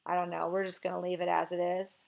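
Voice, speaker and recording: A woman's voice: fairly low pitch, level tone, vocal fry, a little mellow. Woman teaching poetry in a chatty way. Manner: chatty and informal, reads verse aloud slowly with marked stress. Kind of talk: recorded lecture on poetry.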